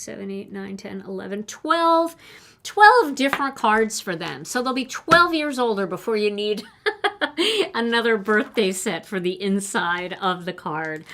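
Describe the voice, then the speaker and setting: A woman's voice: medium pitch, fairly bright tone. An older woman hosting a livestream product showcase, talking enthusiastically and reading card greetings aloud in a chatty way. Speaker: host presenting new craft products.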